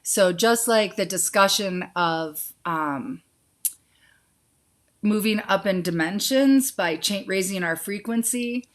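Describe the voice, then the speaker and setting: A woman hosting a casual live psychic Q&A, reading viewers' questions aloud and answering them with quick intuitive yes-or-no readings, calling viewers sweetie and honey. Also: mid-range voice. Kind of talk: casual live-stream chat.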